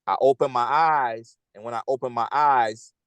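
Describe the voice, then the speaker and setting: A man in tells a personal story in a loose, animated way, leaning on slang and checking in with "okay?" as he goes. His voice sits at an ordinary middle pitch. The sound is dry and close, with no room echo. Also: moderate pace. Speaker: host. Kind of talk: casual storytelling talk.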